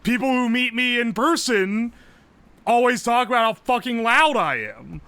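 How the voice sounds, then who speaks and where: A man streaming live, chatting casually, loud and profane, yelling nearly every phrase. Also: extremely high pitch, animated, normal speed, clean tone, no echo. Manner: brash and profane. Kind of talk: casual livestream chat.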